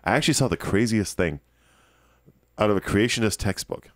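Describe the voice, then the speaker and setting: A man hosting a podcast, giving animated, opinionated commentary with frequent restarts. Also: lowish voice, no echo, studio quality. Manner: animated, ranting, quick restarts. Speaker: podcast host.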